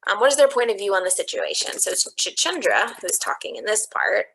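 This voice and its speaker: Woman teacher doing a video lesson, lively up and down voice, bit gravelly, explains her thinking while typing. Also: mid-range voice, a little fast, a little hiss or hum, rough recording. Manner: thinks aloud step by step, explaining her reasoning. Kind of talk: recorded online lesson walkthrough.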